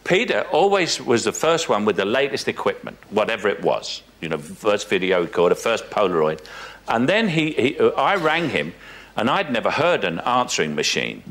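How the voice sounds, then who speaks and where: A man with a Cockney accent, a guest in an interview, telling stories with lively mimicry. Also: lowish voice, normal speed. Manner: animated storyteller, mocks impressionists with lively put-on voices. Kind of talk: casual interview chat.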